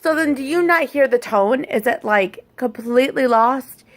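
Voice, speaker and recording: A woman's voice: sits high, moderate pace. A woman co-hosting a casual chat as a parent, explaining carefully and thoughtfully and rephrasing her questions as she goes. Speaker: parent and co-host.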